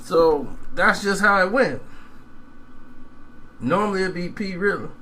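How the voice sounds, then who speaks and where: A man telling a rambling, animated story in casual monologue, acting out quoted dialogue. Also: high voice, a little slow, low-quality recording.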